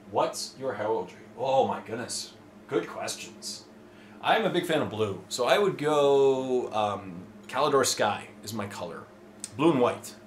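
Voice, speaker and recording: A man from Toronto, Canada, hosts a casual Q&A, answering viewer questions in a chatty, enthusiastic way and rambling with fillers. His voice is medium in pitch, and the roomy recording has faint ambience and slight background noise.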